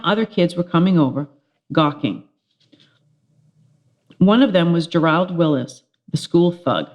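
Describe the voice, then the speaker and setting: Woman reading a children's chapter book aloud. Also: on the low side. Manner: expressive storytelling with character voices.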